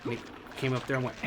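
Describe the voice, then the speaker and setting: A man's voice: medium pitch, heavy background noise. A man chatting casually while reviewing an old fighting game, rambling with lots of fillers and restarts.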